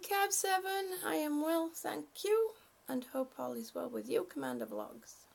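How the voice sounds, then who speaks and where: A woman's voice: high-pitched, sing-song, unhurried, vocal fry. A woman on a live stream reading out viewer comments and thanking them, emotional and laughing often, a little short of breath.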